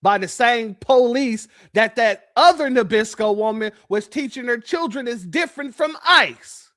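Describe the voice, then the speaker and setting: A man hosting a commentary show, reacting to played clips in an animated, preachy and mocking way. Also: extremely high pitch, measured pace.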